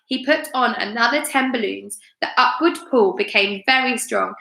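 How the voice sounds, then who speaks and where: A woman teacher reading a storybook aloud, expressive and chatty. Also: on the high side, normal speed, creaky. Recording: roomy echo.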